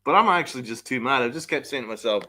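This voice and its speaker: A man's voice: mid-range voice, expressive, fast, pushed and bright. A man hosting a live sports podcast, venting angrily with heavy swearing and reacting to chat messages. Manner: angry, profane, venting; reads chat messages aloud. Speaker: podcast host. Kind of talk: live-stream sports rant.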